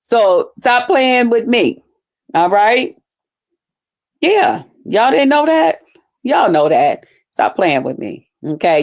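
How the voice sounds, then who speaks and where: A woman's voice: on the low side, darkish tone. A woman hosting a livestream, ranting heatedly and profanely while talking straight to her viewers. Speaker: livestream host. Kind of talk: casual livestream rant.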